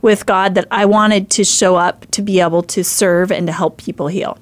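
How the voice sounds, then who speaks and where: A woman's voice: mid-range voice, fairly even intonation, moderate pace, no echo. A middle-aged woman hosting a faith show, telling a story in a chatty, rambling way with many fillers and restarts. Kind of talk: casual storytelling.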